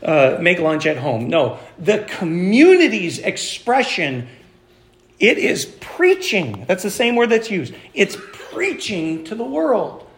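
A man's voice: high voice, huge pitch swings, takes it slowly, echoey room. A man preaching a sermon as pastor, talking in a conversational way with fillers and restarts. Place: church.

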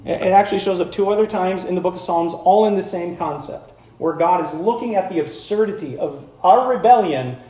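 A man in his thirties preaches in a high, bright voice, talking to the congregation in a casual, lively way. He slips into acted-out voices to make his points. The sound has the roomy echo of a church hall. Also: brisk, few pauses. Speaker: pastor. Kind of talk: sermon.

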